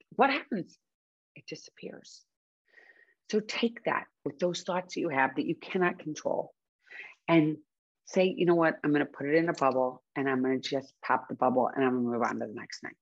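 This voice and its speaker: A woman talks frankly and warmly about finding happiness, circling back to repeat her points and dropping the odd swear word. Her voice comes through a dull, lo-fi recording. The sound is dry, with no room echo. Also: rumbling low. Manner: earnest, chatty, frank, swears casually, repeats points for emphasis. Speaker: recovery speaker sharing advice. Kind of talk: casual motivational talk to camera.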